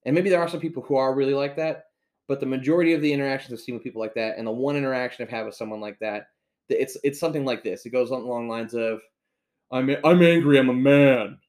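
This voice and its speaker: A man's voice: mid-range voice, steady tone, racing, darkish tone. Man ranting with constant swearing. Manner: heated, swears constantly, storytelling. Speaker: podcast host. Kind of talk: profane ranting monologue.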